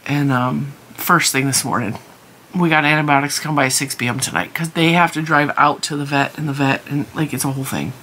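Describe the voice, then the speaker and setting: A woman's voice: low-pitched, fairly even intonation, brisk, a bit bright, a little hiss or hum. A tired middle-aged woman chatting casually to camera at home, rambling with many restarts and sounding worn out. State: exhausted and teary. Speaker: crochet channel host.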